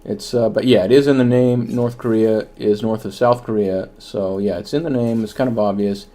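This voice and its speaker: A man's voice: lowish voice, fairly even intonation, normal speed, warm tone. A man hosting comedic gaming banter, teasing and explaining in a wry way. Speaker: host.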